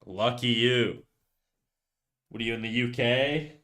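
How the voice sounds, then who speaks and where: A man's voice: mid-range voice, slow pace. Rambling male streamer muttering while drawing. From Canada. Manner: rambling, chats with viewers, drops to quiet muttering while working. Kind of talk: casual livestream chat while drawing.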